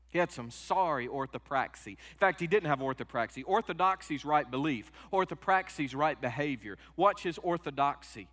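A middle-aged man preaching a sermon, moving from quiet personal stories to loud, emphatic peaks. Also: on the high side. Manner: emotional storytelling, rising to loud emphatic peaks. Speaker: pastor. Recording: long hall reverb.

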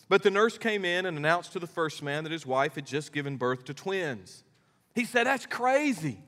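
A middle-aged male pastor preaching a sermon in a folksy, animated storytelling manner. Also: fairly high pitch. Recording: long hall reverb.

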